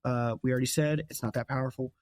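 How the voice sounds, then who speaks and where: A young man hosting a podcast, retelling a book in casual chat, animated and laughing often as he slips into quick character voices. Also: mid-range voice, no room sound. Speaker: podcast host.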